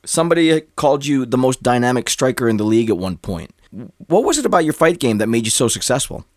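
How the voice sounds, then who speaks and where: A man hosting a casual interview, easygoing and quick to react. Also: mid-range voice, sing-song, no room sound, studio quality. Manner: easygoing, reacts with laughs and short affirmations. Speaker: interview host.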